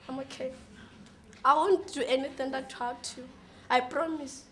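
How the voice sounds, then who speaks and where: A woman's voice: very high voice, sharp tone, heavily acted. A woman from Botswana performing an audition monologue as a despairing, sick, orphaned young woman, swinging between sobbing and laughing. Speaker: audition contestant.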